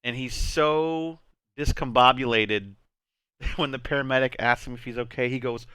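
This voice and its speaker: A man's voice: mid-range voice, steady tone, normal speed, bright, forceful tone, clean tone, no room sound, clean studio sound. A man hosting a casual game stream, playful and rambling, laughing often between his words. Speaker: streamer host.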